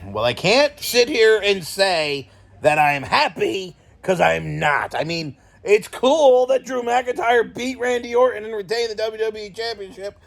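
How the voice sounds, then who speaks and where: A man hosting a casual reaction chat, excitable and profane, often laughing and breaking into shouts. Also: sits high, a little slow, creaky. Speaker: host of a toy and wrestling channel.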